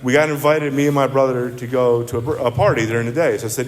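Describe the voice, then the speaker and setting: A man's voice: mid-range voice, steady tone, fast talker. Male speaker at a recovery meeting, middle voice, candid and rambling, with long reverb from the meeting hall. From central New Jersey. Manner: rambling, candid, self-deprecating. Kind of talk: personal recovery talk.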